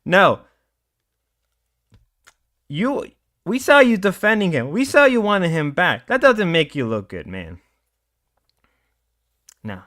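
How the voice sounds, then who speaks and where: A man's voice: high voice, very animated, a little slow, long pauses, fairly bright tone. A young man from the northern US, a streamer ranting angrily and repeating himself on a live stream. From northern United States. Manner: angry, profane, repeats himself. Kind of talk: heated live-stream rant.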